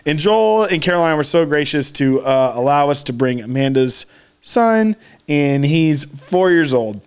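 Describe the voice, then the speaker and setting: A man's voice: on the high side, animated, measured pace, smooth. A man casually telling a funny story over a call, laughing often and swearing. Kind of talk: casual chat. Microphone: remote call.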